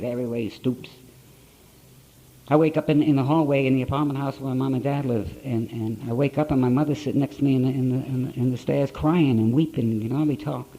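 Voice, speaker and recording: Mellow-voiced man telling a blunt story. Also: mid-range voice, dull audio. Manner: blunt storytelling in plain rough grammar. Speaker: speaker at a recovery conference. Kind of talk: personal recovery story told to an audience. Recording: old conference tape.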